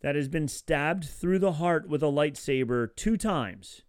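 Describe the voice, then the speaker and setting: Smooth-voiced man chatting casually. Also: fairly high pitch, lively intonation, a little slow, no echo, studio quality. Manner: chatty, laughs often, acts out quotes. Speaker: podcast co-host. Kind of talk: casual chat.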